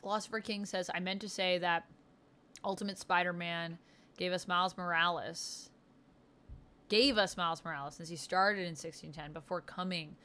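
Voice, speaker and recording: Lower-voiced woman hosting a casual stream. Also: fairly even intonation, normal speed, pushed and bright. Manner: chatty, reads viewer comments aloud and answers them; enthusiastic comic-book fan talk. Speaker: livestream host. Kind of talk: casual chat.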